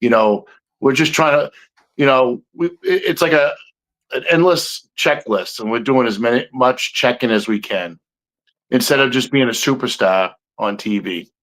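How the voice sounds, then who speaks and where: A man's voice: medium pitch, moderate pace, fairly bright tone, poor audio. A man co-hosting a podcast in casual chat, talking earnestly with rambling restarts. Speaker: podcast co-host.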